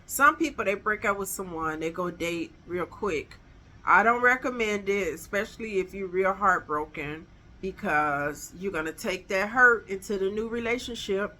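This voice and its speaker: A woman's voice: medium pitch, bright, forceful tone. A middle-aged woman, giving emphatic, chatty dating advice straight to her viewers. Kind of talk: casual advice vlog.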